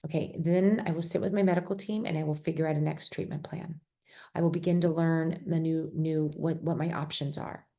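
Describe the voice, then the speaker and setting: A middle-aged woman giving a gentle, reflective explanatory talk, often restarting her phrases. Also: sits low, steady tone, brisk. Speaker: speaker on survivor mental health.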